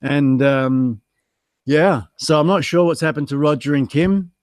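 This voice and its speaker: A man's voice: on the high side, unhurried, no echo. Chatty Australian man, dry close sound. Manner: chatty, self-mocking, reads chat aloud with many ums. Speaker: livestream guest host. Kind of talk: casual livestream chat.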